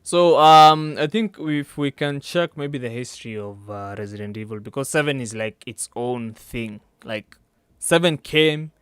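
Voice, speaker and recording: A man's voice: mid-range voice, measured pace, clear, resonant tone, no echo. A young man with a Kenyan accent hosting a casual podcast, joking and laughing often. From East Africa. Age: young adult. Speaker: podcast host.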